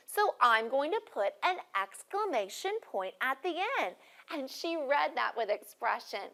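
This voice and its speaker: A woman teaching a first grade class, speaking clearly and encouragingly to students watching on video. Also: sits high, sing-song, bright, forceful tone. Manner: clear, encouraging, deliberately paced teacher talk.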